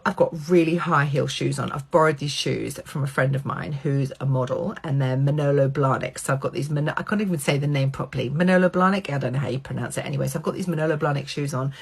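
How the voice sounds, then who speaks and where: A middle-aged woman vlogger telling a personal anecdote, animated, swearing freely and acting out quoted lines. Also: low-pitched, fast talker, gravelly, few pauses, husky.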